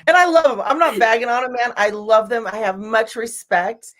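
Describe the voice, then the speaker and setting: A bubbly woman hosts a casual live-stream chat, her voice sitting a little high. She gushes and talks animatedly, turning teary and emotional as viewers chime in. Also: moderate pace.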